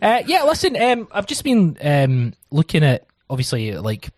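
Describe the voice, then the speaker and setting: A man hosts a casual podcast in a chatty, rambling way, filling gaps with ums. His voice sits fairly high for a man. The recording is dry and close. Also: wildly swooping pitch, normal speed, dry recording. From Scotland. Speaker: podcast host.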